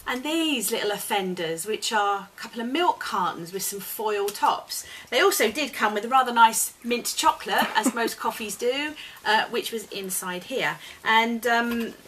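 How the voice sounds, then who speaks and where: A woman's voice: fairly high pitch, lively intonation, moderate pace, hardly any pauses, fairly bright tone, a little hiss or hum, low-quality recording. A woman guest chatting earnestly as an eco campaigner, laughing often, recorded at a home dining table. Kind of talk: casual chat. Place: home dining room, indoors.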